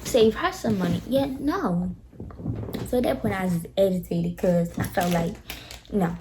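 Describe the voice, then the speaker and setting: A young woman vlogger telling a storytime tale to her viewers, animated and dramatic, talking straight to them. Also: fairly low pitch, normal speed, noisy background. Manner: animated, dramatic retelling, addresses viewers directly. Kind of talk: casual storytime.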